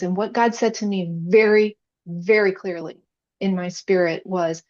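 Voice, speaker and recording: A woman's voice: fairly low pitch, steady tone, unhurried, darkish tone, highs cut off. A woman podcast guest, a chaplain, telling her personal faith story in an earnest, emotional way.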